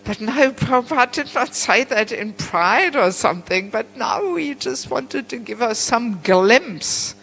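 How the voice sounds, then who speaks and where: A woman giving a class on scripture at a temple, chatty and warm in tone, often saying "you know" and breaking into laughs. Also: fairly high pitch, expressive, unhurried, creaky, few pauses, a little hiss or hum, poor audio. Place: temple hall.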